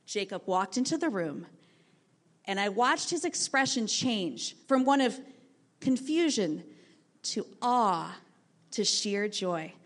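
A woman teacher telling a lively story from her classroom to an audience, acting out the voices of the people in it. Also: medium pitch, slow pace, pauses often. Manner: lively, animated storytelling with acted quotes.

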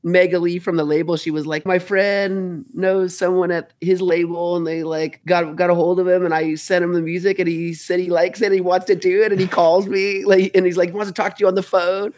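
A man, a musician being interviewed, talking in a rambling, casual way with many fillers. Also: high voice. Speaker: musician guest.

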